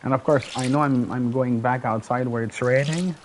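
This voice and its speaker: A man's voice: mid-range voice, fairly even intonation, normal speed, slight background noise. A French Canadian man whose first language is French, giving chatty, rambling gameplay commentary with casual swearing. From Quebec, Canada. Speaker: gaming channel host.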